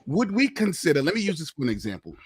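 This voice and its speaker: A man, a comedian, talking in a lively, emphatic way on a call-in panel discussion. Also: on the high side, fast talker, husky. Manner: lively, emphatic, slips into impressions. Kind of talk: animated casual debate.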